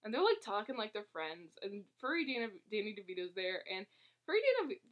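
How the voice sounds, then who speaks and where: A woman's voice: mid-range voice, very animated, fast talker, muffled recording. A woman casually recapping a movie plot for a co-host, rambling and giggling, with lots of fillers and restarts. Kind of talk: casual chat.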